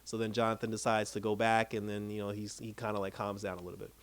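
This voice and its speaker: A man casually recapping and reviewing a TV episode, telling it with lively reactions and laughing as he goes. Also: on the low side, fast talker. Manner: animated storytelling, laughs while retelling scenes.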